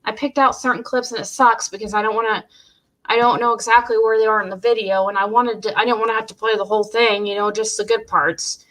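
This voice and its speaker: Bright-voiced woman hosting commentary. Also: fairly high pitch, fairly even intonation, quick pace. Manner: rambling, many restarts, speeds up in asides. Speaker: true-crime commentary host. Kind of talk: casual commentary over played clips.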